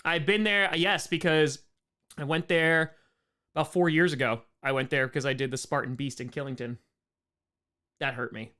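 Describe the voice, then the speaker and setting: A man's voice: fairly high pitch, fairly even intonation, moderate pace, long pauses, bright, forceful tone. A man hosting a casual live-stream Q&A, reading chat messages aloud and answering with playful jokes and frequent laughs.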